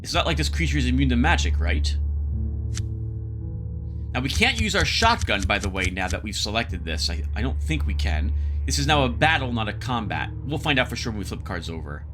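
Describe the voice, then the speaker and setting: Man, casual board game commentary, thinks aloud, lively rising and falling pitch, music playing underneath. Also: brisk. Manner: thinks aloud, reads card text aloud, mutters asides. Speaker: board game player narrating a solo playthrough. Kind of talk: casual let's-play commentary.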